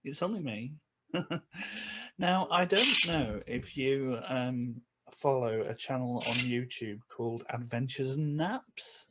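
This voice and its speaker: A man with a Yorkshire accent chatting casually to camera as a vlogger, chuckling between remarks and slipping into quick asides. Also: medium pitch, heavy background noise. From England.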